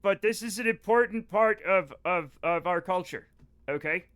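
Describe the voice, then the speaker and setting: A man's voice: high-pitched, moderate pace, fairly bright tone, clear, resonant tone. A man streaming a space game live, rambling and joking with his chat while he plays. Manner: rambling, jokey, talks to chat while playing. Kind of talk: casual gaming livestream chat.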